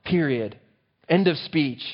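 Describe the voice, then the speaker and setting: A man's voice: a little high, expressive, slow pace, breathy edge. A man preaching a sermon and often asking his listeners questions, recorded on a dull, lo-fi track. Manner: engaging, asks the listeners rhetorical questions. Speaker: pastor.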